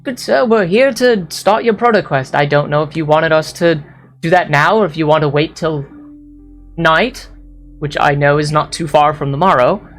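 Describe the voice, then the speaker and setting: A woman voicing an eager adventurer who speaks to a king excitedly and politely in a tabletop game. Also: deep voice, moderate pace, faint music behind, lightly acted.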